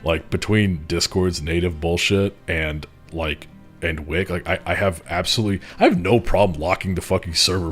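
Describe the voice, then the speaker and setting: Deep-voiced, profane male streamer. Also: moderate pace, fairly bright tone, faint music behind. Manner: rambling, profane storytelling, mocking and laughing. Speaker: streamer moderating a Discord community. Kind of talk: casual livestream chat.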